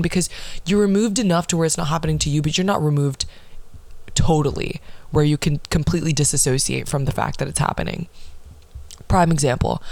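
A woman's voice: sits low, a little mellow, no room sound. Profane, sarcastic young woman ranting. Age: early 20s. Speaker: podcast host. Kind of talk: casual ranting monologue.

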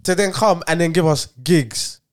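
Guy on a podcast, high voice, ranting and laughing at his mates. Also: normal speed. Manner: heated, animated arguing, laughing. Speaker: podcast co-host. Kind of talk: casual chat.

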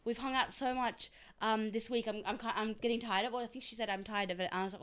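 A woman's voice: fairly high pitch, fairly even intonation, quick pace, hardly any pauses, clean tone. A young woman co-hosting a podcast, chatting casually and animatedly, laughing often. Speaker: podcast co-host. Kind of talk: casual chat.

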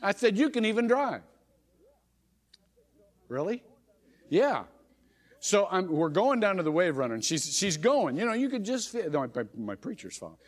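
A middle-aged man, a pastor, preaching a sermon by telling a personal story, animated and chuckling often, with frequent restarts. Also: sits high, fairly quick, few pauses. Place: church sanctuary. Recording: long reverb of a church hall.

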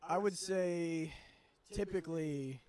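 A man's voice: a little high, slow, crowd noise. A young man co-hosting a podcast in casual banter, rambling and cracking crude jokes. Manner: joking, rambling, crude humor. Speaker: podcast co-host.

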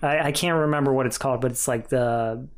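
A man's voice: medium pitch, fairly quick. A young man co-hosting a podcast, giving candid, rambling opinions in casual chat. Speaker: podcast co-host.

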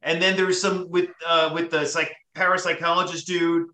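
A man on a casual film podcast cuts in eagerly with his questions. His voice is bright and forceful and sits a little high. The sound carries a noticeable room echo. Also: flat delivery, normal speed. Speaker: podcast co-host.

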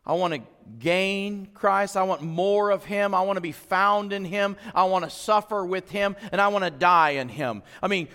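A middle-aged male pastor preaching a sermon in a church, conversational and swinging between quiet reflection and emphatic exhortation. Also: high-pitched. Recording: long hall reverb.

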